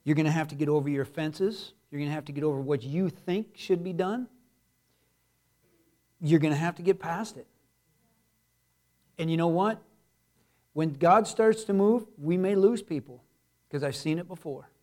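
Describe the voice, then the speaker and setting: A middle-aged man, a pastor, preaching a sermon in a church, building to loud, emphatic passages. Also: fairly high pitch, moderate pace, pauses often. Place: church sanctuary.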